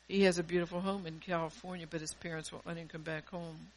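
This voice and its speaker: A woman pastor delivering a fervent sermon, swelling loud and dropping soft, often restarting her phrases. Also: on the low side, little pitch movement, fast talker, few pauses, poor audio.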